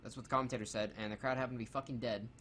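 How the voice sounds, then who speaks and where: A man of ordinary pitch runs through a wrestling review from his notes, with a loose, profane and sarcastic delivery. A faint hiss of noise sits under his voice. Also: steady tone, rapid-fire, fairly bright tone. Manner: reads notes aloud, swears freely, sarcastic. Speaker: co-host reviewing a wrestling show. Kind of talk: casual, profane review commentary.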